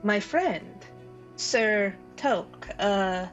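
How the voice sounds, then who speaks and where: A woman voicing a tall, dry and weary noblewoman in a tabletop game, speaking in a hesitant, drawn-out way. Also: mid-range voice, animated, muffled recording, faint music behind.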